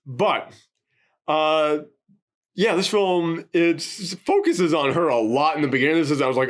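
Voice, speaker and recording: A man's voice: a little high, expressive, normal speed, fairly bright tone. A man co-hosting a casual movie review podcast, acting out quotes from the film in dramatic voices. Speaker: podcast co-host.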